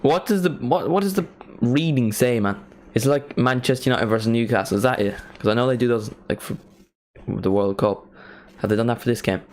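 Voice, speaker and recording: A young man casually commentating a live football watchalong, chatting and bursting into excited reactions. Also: medium pitch, a little fast. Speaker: streamer hosting a match watchalong.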